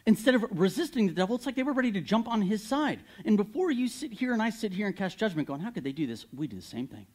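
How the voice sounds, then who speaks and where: A man preaching a sermon, candid and animated, retelling a Bible story with occasional laughs. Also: high voice, fast talker, few pauses.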